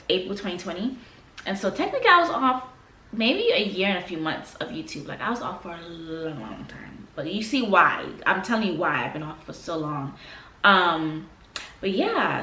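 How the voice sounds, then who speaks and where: Animated woman vlogger, roomy sound. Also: lowish voice. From Florida. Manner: animated, emphatic, slangy. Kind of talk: casual sit-down storytelling. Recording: roomy, mic a bit far.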